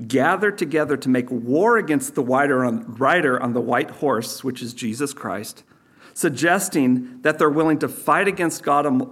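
A man's voice: medium pitch, fairly bright tone. A man preaching a sermon as pastor, teaching in a conversational way with sarcastic asides.

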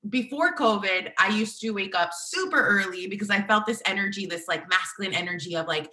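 Bubbly chatty woman, bright echoey voice. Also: medium pitch, normal speed, hardly any pauses. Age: 30s. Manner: chatty, bubbly, filler-heavy with "like". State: morning voice. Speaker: podcast host and inner child healing coach. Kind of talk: solo podcast monologue.

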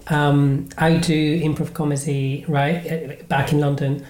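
A man's voice: a little high, flat delivery, measured pace, darkish tone, echoey room, rough recording. A man with a Spanish accent, a native Spanish speaker, hosting a casual podcast chat and rambling with many fillers and restarts. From Spain. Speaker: podcast host and improv comedian.

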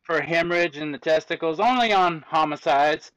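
A man's voice: fairly high pitch, normal speed, dry recording, dull audio. A man working as an autopsy technician, casually explaining his work and acting out back-and-forths with commenters. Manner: lively storyteller acting out exchanges with commenters.

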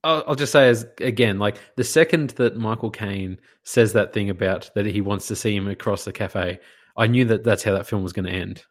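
A man co-hosting a casual film chat, playful and quick to mimic characters. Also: lowish voice. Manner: playful, puts on voices for jokes. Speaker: podcast co-host.

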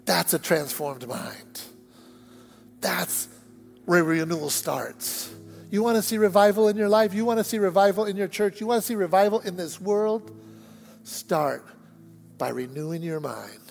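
A man preaching a sermon as pastor, telling a story with lively acted-out voices and shouted moments. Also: sits high, unhurried, creaky, long pauses, faint music behind. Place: church sanctuary. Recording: long church hall reverb.

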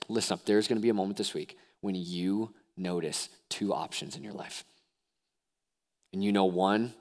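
Delivering a sermon, this young man serving as youth pastor is animated throughout, moving between quiet, hushed moments and excited, almost shouted peaks.

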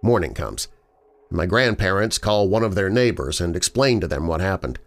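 Expressive male horror storyteller. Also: low voice, moderate pace. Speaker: podcast host and narrator. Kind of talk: scripted horror story narration. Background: faint background music.

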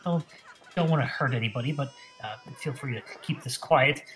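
A man's voice: medium pitch, a little fast, fairly bright tone. A man narrating a tabletop game as game master, rambling and correcting himself with lots of fillers.

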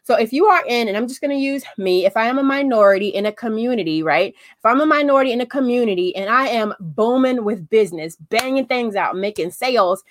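Casual woman business coach, higher voice, talks to camera, keeps checking in with listeners, dead-dry room. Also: no room sound. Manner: chatty, keeps checking in with "okay?"; acts out quotes in high animated voices.

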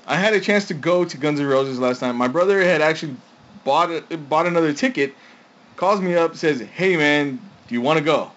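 A man's voice: fairly high pitch, moderate pace, a bit bright. A man co-hosting a casual podcast, telling stories and acting out quotes with frequent laughs. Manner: chatty storyteller, laughs often, acts out quotes. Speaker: podcast co-host. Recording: dull lo-fi sound.

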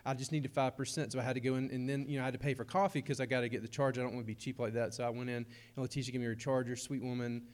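A man's voice: mid-range voice, little pitch movement, rapid-fire, few pauses, darkish tone, natural voice. A man voicing a flustered guy who rambles and over-explains his excuses after his phone died.

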